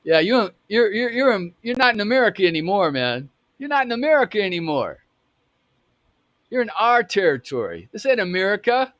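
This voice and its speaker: A man's voice: a little high, sing-song, moderate pace, long pauses, no echo, pitched above the performer's own voice. A man voicing a sarcastic young man taunting a nervous teenager, with a mocking drawl. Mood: menacing.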